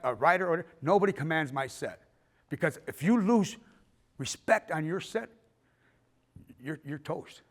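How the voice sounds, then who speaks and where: Animated man telling film-business stories. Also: a little high. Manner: animated storytelling with acted quotes, swears. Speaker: filmmaker giving a talk. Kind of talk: festival workshop talk. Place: arts center auditorium.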